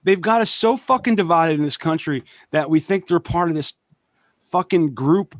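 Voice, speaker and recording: A man's voice: a little high, lively intonation, normal speed, no echo, clean studio sound. A man, a punk musician guesting on a podcast, talking casually and rambling, swearing often and losing his thread. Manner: profane, rambling, loses his train of thought. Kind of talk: casual chat.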